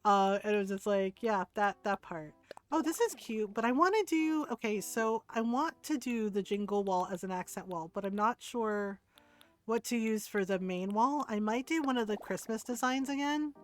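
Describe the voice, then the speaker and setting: A woman's voice: medium pitch, normal speed. A middle-aged woman streamer telling family stories casually while gaming, laughing often and swearing freely.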